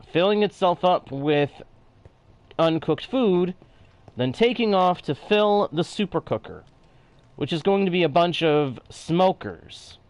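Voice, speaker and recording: In a high-pitched voice with no room sound, a man with a Texan-sounding drawl live-streams a block-building game, chatting with viewers and explaining each step of his build while reading chat aloud.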